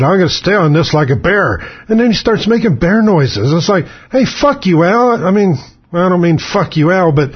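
A man's voice: high voice, slightly rough. A man hosting talk radio, delivering an angry, profane, sarcastic political rant on muffled lo-fi radio audio.

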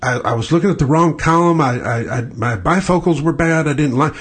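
A man voicing a sheepish, fawning male insurance adjuster who stammers out apologies in a husky voice. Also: a little high, brisk. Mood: fake apologetic. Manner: groveling, falsely apologetic, stammering.

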